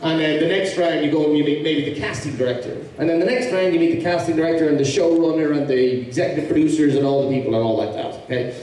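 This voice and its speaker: An Irish man speaking a little high for a man, recorded from a distance in a big reverberant convention hall. His talk runs loose and chatty, circling back on itself with restarts and light humor. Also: fast, few pauses, warm tone, a little hiss or hum. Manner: rambling, with many restarts and easy humor. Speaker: actor guest at fan convention panel. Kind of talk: casual Q&A panel talk. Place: large convention hall with audience. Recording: echoey hall, mic from far off.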